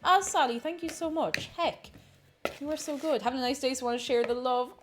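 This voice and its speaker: An Irish woman streaming while she bakes. She chats casually in her home kitchen, reads out viewers' messages and greets each one excitedly. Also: high-pitched, fairly quick, faint music behind. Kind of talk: casual livestream chat while baking.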